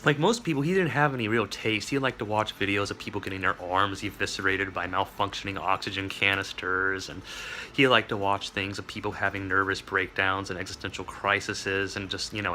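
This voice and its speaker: A man's voice: on the low side, pushed and bright, a little hiss or hum. A man rambling through a wry, digressive monologue, full of asides and chuckles. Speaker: vlogger.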